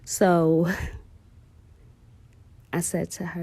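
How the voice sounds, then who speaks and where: Woman, emotional storytelling, gravelly fry, lowish pitch. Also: little pitch movement, normal speed, pauses often, dark tone. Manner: heartfelt, emotional, talks directly to viewers with "y'all". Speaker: mother telling a personal story. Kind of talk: personal storytelling to camera.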